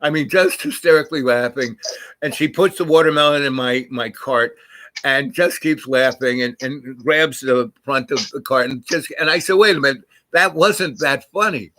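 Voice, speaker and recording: An older man spins a rambling personal story in relaxed conversation, his bright, forceful voice pushing through constant restarts and trailing phrases. He wanders off mid-thought and circles back without hurry. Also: mid-range voice, normal speed, rough recording. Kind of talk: casual rambling anecdote.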